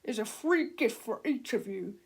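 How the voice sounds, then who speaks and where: A woman's voice: a little high, animated, normal speed, darkish tone, slightly rough. A woman doing a jolly factory boss. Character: cheery pushy male factory manager. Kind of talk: storybook read-aloud.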